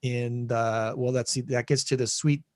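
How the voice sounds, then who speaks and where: A Midwestern American man hosts a casual call-in podcast, rambling and correcting himself as he goes. His voice sits at a middle pitch. The sound is dry and close, with no room echo. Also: steady tone, normal speed. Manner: rambling, self-correcting, chatty. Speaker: podcast host. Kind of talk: casual chat. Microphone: video call.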